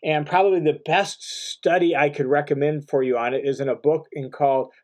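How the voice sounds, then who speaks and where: A man teaching verse by verse through a Bible passage in an earnest, explanatory way, slowing down to stress key phrases. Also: on the high side, steady tone, a little mellow.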